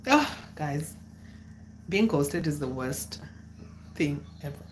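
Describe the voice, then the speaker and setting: A young woman, telling a personal story to camera in a casual, dramatic way with sudden high exclamations. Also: big pitch swings, slow, pauses often, slight background noise. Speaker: vlogger.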